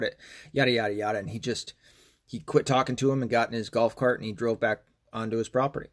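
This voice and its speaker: A man's voice: mid-range voice, fairly even intonation, brisk, a bit bright. A man hosting a podcast, talking in a casual, rambling and profane rant. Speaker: podcast host. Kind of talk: casual monologue.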